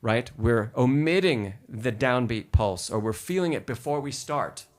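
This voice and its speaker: A man's voice: medium pitch, lively intonation, unhurried. A man teaching piano in a live-stream lesson who patiently explains rhythm, counts beats aloud and answers chat questions.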